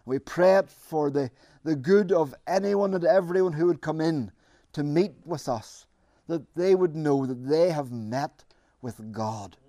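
Male preacher, earnest pleading prayer, slightly high voice, slow delivery. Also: mellow, no echo, clean studio sound. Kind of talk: sermon and congregational prayer.

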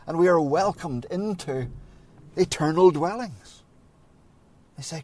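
A man preaching a sermon, earnest and measured, leaning on pauses and rising to emphatic moments. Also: fairly high pitch, a little mellow.

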